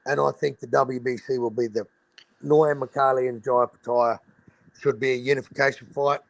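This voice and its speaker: A man's voice: mid-range voice, steady tone, a little fast, creaky, no echo. An Australian man hosting a casual boxing livestream over a video call, blunt and swearing freely in Aussie slang. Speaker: boxing talk show host.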